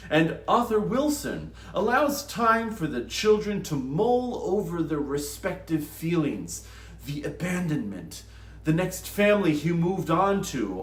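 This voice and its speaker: A man hosting a book channel, reading passages from a novel aloud in an expressive, dramatic way and acting out the dialogue. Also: on the high side, echoey room. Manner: animated, acts out dialogue with shouts. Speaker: booktube host reading from novels.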